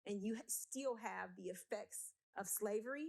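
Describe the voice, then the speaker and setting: At a city council meeting, a woman with a gravelly, medium-pitched voice speaks at a moderate pace. Her impassioned speech is emotional, blunt and emphatic as she pushes her argument.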